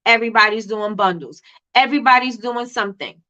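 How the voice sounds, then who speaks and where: Bright-voiced woman coaching on a live stream. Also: mid-range voice, fairly quick, lo-fi sound. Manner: animated, repeats herself, reads and answers chat. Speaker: host coaching small business owners.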